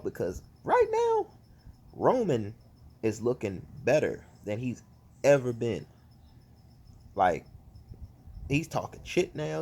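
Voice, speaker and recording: A man giving a casual, ranting review as a vlogger, animated and profane, full of exasperated outbursts. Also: mid-range voice. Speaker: wrestling fan vlogger.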